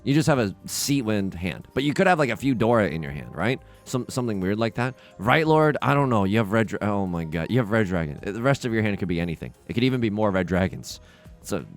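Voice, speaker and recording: A young man hosting a let's play, chatting casually and mock-outraged at his luck in a self-deprecating way. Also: lowish voice. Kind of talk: casual gameplay commentary.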